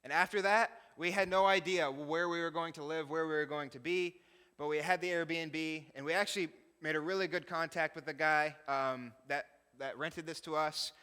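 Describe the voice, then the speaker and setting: Upbeat pastor in an echoing hall. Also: male voice, a little high, fairly even intonation, normal speed, bright, forceful tone, smooth. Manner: chatty, laughing, self-deprecating asides. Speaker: missionary pastor. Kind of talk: casual talk with slides. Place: church hall. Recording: long hall reverb.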